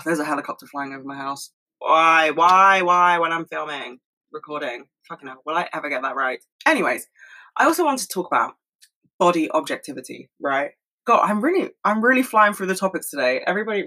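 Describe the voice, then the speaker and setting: A woman talking fast and candidly to her camera at home, swearing freely in a casual solo monologue. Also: lowish voice, sing-song, pushed and bright, slightly rough, rough recording. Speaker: solo video host.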